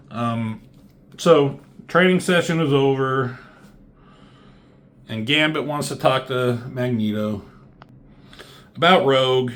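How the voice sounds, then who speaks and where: A man's voice: medium pitch, takes it slowly, pauses often, fairly bright tone. A man recapping a comic book in a casual, sarcastic way, full of profane asides.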